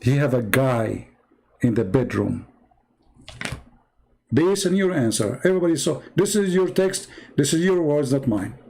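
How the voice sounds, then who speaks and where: Hosting a live-streamed religious debate with a caller, a man mocks and laughs at his opponent, sarcastically hammering his points home through emphatic repetition. His mid-range voice has lively intonation but is a little slow, creaky, and dark, with long pauses.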